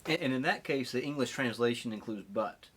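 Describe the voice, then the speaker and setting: A man's voice: medium pitch, fairly quick, noisy background. A male podcast host interviewing a guest, framing his questions hesitantly with restarts.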